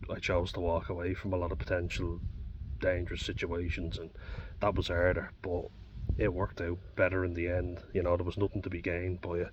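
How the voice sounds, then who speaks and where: A man with an Irish accent talking bluntly and candidly, swearing often, in a personal reflective monologue. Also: low-pitched. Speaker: vlogger. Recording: dull distant mic with faint background noise.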